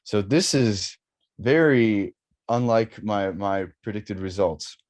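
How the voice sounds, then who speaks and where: Young college guy presenting his research, lowish voice, lots of ums and restarts. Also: slow pace, a little mellow. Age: young adult. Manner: hesitant, many fillers and restarts, apologetic. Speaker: undergraduate student presenter.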